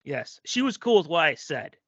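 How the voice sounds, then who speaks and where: Animated, laughing male podcast host. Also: fairly high pitch, moderate pace, dry recording, lo-fi sound. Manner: animated, laughs often, acts out quotes. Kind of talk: comedic storytelling chat.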